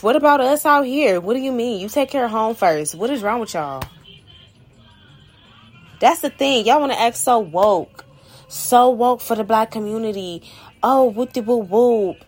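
A woman podcast host, ranting bluntly and profanely in a heated monologue. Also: a little high.

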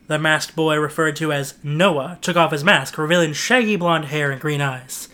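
A man's voice: fairly high pitch, normal speed, few pauses, bright, forceful tone. A man co-hosting a podcast, chatting casually and reading a story aloud in a rambling, self-mocking way. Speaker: podcast co-host and reader.

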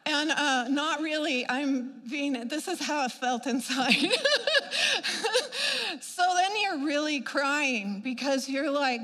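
High-voiced woman telling a lively testimony. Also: takes it slowly, long reverb tail. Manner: lively storytelling, acting out her own reactions, laughing often. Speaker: speaker sharing a healing testimony. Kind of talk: animated personal testimony.

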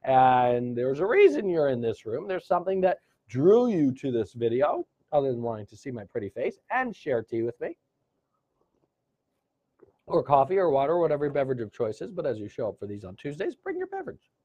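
A man's voice: mid-range voice, very animated, a little fast, warm tone, dull audio. A man hosting a live gratitude session, encouraging viewers and reading out their comments. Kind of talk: live-stream motivational talk.

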